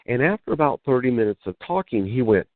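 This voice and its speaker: A man's voice: mid-range voice, fast talker, no echo. A man, a guest on a call-in radio show, telling stories and acting out the dialogue in them. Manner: animated storyteller, acts out quoted dialogue. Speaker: interview guest, spiritual teacher. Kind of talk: storytelling in a call-in radio interview. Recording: phone line, dry.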